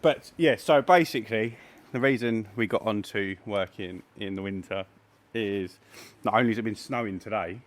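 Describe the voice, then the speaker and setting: An English man hosting a podcast in relaxed casual chat, laughing often and chipping in with questions. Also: on the low side, normal speed. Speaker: podcast host.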